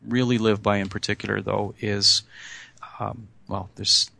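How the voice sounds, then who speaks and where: A man answering interview questions as a podcast guest, pausing often with ums and restarts. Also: fairly low pitch, flat delivery, vocal fry, sharp tone, dry recording. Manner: hesitant, many ums and restarts. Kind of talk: casual interview.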